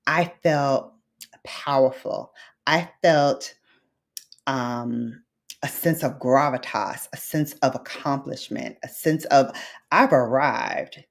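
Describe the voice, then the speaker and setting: Deep-ish slow-talking brooklyn woman, beauty vlogger, sentimental, says honey and babes a lot. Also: creaky. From Brooklyn, New York. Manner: heartfelt and nostalgic, calls viewers babes and honey. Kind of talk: casual livestream chat with viewers.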